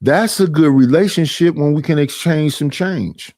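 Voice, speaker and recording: A man's voice: a little high, normal speed, darkish tone, no room sound, clean studio sound. A middle-aged man streaming, ranting in a casual, aggrieved way, repeating himself and mimicking what others say to him. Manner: aggrieved, repetitive, mimics others in quoted voices. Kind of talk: casual livestream rant.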